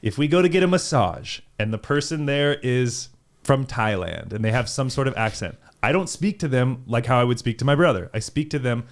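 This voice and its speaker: A young man from California with a Californian accent, talking casually as a podcast host, animated and full of fillers and swearing. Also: mid-range voice, a little fast. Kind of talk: casual chat.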